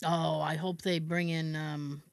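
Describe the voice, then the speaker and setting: A woman's voice: low voice, unhurried, creaky, smooth, no room sound. A woman co-hosting a podcast in casual chat, telling stories and slipping into voice impressions. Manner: chatty storyteller with lively voice impressions. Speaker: podcast co-host.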